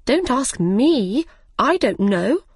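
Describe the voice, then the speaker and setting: A woman's voice: sits high, big pitch swings, a little slow, breathy edge, no echo, clean studio sound, voice pushed up, exaggerated voice. Woman voicing Alice, plucky girl. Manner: blunt, a little impolite.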